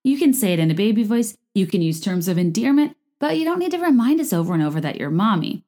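Woman podcast host, casual and rambling, lots of fillers, pitch leaps for emphasis. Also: quick pace. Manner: chatty, rambling, many fillers and restarts; lively jumps in pitch for emphasis. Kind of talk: casual chat about reality TV.

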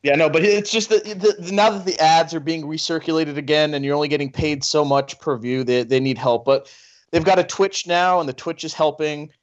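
A man's voice: a little high, a little fast, dull audio. Rambling jokey podcast co-host man. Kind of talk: casual chat.

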